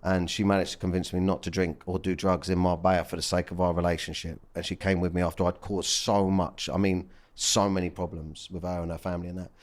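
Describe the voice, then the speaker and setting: A man's voice: low-pitched, flat delivery, fast talker, hardly any pauses. A man in his thirties, a podcast guest talking candidly and emotionally, swearing freely in casual chat.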